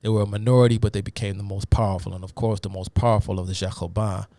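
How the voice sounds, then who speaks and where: Male host, casual lecturer who wanders and fills pauses; very low voice, dry close recording. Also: level tone, vocal fry, mellow, no room sound. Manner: rambling, many fillers, addresses viewers as y'all. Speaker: host of a live talk stream. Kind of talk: casual live-stream lecture.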